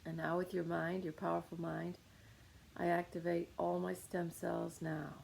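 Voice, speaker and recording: A woman's voice: lowish voice, little pitch movement, a little slow, gravelly, darkish tone, slight background noise, rough recording. A woman leading a guided meditation on anger, coaching listeners with short repeated commands.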